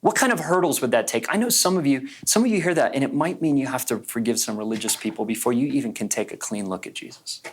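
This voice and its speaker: A man's voice: medium pitch, expressive, quick pace, few pauses, slight background noise. A male pastor telling a story in a sermon to a church gathering, conversational and full of "like" fillers.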